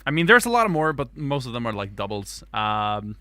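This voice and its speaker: A man's voice: mid-range voice, very animated, normal speed, sharp tone, no echo. A man with a Swedish accent chatting casually as a podcast co-host, rambling with lots of fillers and restarts.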